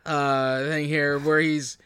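A man from Canada trades wry pop-culture quips on a comedic movie review podcast, sometimes halting and restarting mid-thought. His voice is high and bright. The recording is close and dry. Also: little pitch movement, clean tone, no echo. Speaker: podcast co-host.

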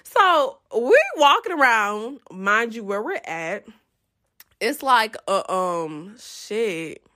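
Lively, bright-voiced young woman telling a story. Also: mid-range voice, slow pace. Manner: animated, profane, laughing storyteller. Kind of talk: casual storytime.

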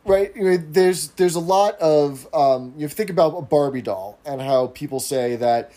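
A man's voice: a little high, moderate pace, dark tone. A man hosting a casual podcast, recapping an episode scene by scene. He adds asides and keeps checking in with a rhetorical "right?". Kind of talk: casual chat.

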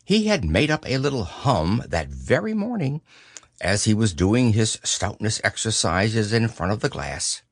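A man reading a children's book aloud as narrator, in a lively storytelling manner. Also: on the low side, measured pace, no echo, studio quality.

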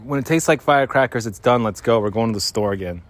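A man's voice: medium pitch, quick pace. A middle-aged man hosting a podcast in a rambling, casual monologue, full of slang and repeated filler words. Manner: rambling, slangy, keeps saying dude. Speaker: podcast host.

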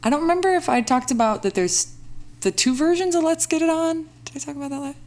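A woman, a recording artist, chatting casually and animatedly as a podcast guest. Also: high voice. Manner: lively, animated, quick to laugh. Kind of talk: casual chat.

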